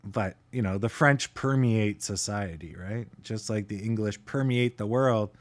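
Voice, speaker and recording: A man from Canada hosting a casual livestream, chatting with his viewers in a relaxed way and chuckling often. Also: fairly low pitch, measured pace. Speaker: livestream host.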